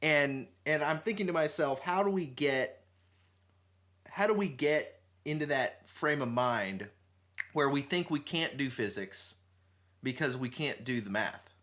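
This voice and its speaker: A man's voice: mid-range voice, animated, unhurried, fairly bright tone. Rambling man thinking aloud. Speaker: podcast host. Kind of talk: casual conversational podcast.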